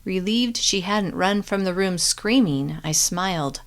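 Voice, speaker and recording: A woman reading a novel aloud in first-person narration with a steady, clear delivery. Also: medium pitch, a little slow. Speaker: audiobook narrator.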